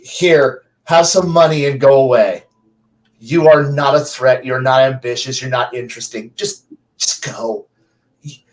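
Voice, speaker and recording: A man voicing an aloof ancient male dragon who speaks in a bored, dismissive, drawn-out way. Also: medium pitch, close to an everyday voice, low-quality recording.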